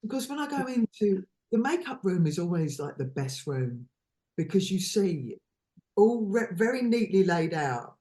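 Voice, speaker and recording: A woman talking warmly as a guest on a podcast, her voice sitting at an ordinary middle pitch. She is chatty and effusive, often breaking into giggles between phrases and starting her sentences over. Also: big pitch swings, moderate pace. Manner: chatty and effusive, trailing restarts. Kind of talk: casual chat.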